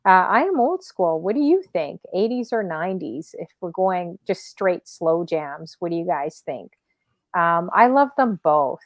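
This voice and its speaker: A woman's voice: on the low side, very animated, measured pace, no echo. A woman in her forties hosting a casual livestream talk show, chatting easily, reading out viewer comments and laughing often. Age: 40s.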